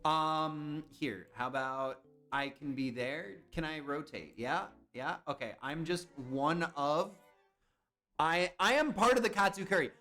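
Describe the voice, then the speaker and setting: A young man chatting casually on a live stream, excitable and swearing when he guesses wrong. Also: a little high, measured pace, soft background music. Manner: excitable, swears and yelps at misses.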